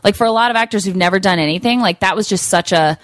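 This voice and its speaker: A woman in casual chat, talking fast and loose with lots of "like". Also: medium pitch, dry recording, clean studio sound. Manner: chatty, peppers speech with "like". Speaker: podcast co-host, former theme park improv performer.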